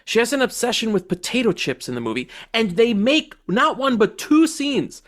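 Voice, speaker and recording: Animated high-voiced man riffing on movies. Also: normal speed. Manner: animated, profane, jokey, acts out movie quotes. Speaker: podcast co-host. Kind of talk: casual movie review chat.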